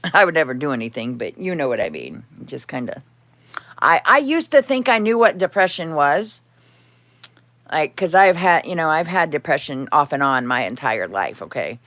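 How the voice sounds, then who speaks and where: A woman's voice: low voice, a bit bright, no room sound. Female streamer, casual and candid, dry room, occasional cat. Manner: rambling, candid, talks to her cats and chat. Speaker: livestream host. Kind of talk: casual livestream chat. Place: home.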